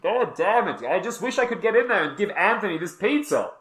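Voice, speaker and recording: A man's voice: high voice, big pitch swings, fairly quick, fairly bright tone. A man improvising a comedy sketch as a pizza delivery guy, exasperated and laughing through lines.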